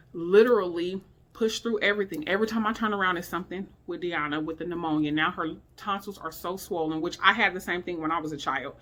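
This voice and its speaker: A middle-aged woman at home, talking candidly to her viewers in a rambling, emotional way, sounding weary and low. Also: bright, forceful tone. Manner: emotional, heartfelt, rambling with many fillers. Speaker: vlogger. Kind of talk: candid personal vlog talk. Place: indoors at home.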